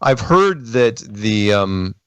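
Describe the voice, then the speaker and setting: A man's voice: fairly low pitch, very animated, takes it slowly, clear, resonant tone, no room sound. A man hosting a live call-in show, chatting casually and laughing easily with callers. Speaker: show host.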